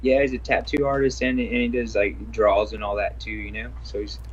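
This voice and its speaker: A fairly low-voiced man speaks in a relaxed, easygoing way as an interview guest, often repeating words as he gathers his thoughts. The audio is dull and lo-fi. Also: brisk, a little hiss or hum. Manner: laid-back, easygoing, repeats words while thinking. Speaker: interview guest, grappling competitor and instructor. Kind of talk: casual interview chat.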